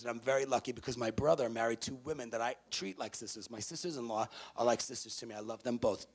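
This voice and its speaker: Man, motivational speaker, gravelly voice, emphatic, repeats his points, loud then hushed, talking to students. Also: medium pitch. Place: college event before a student audience.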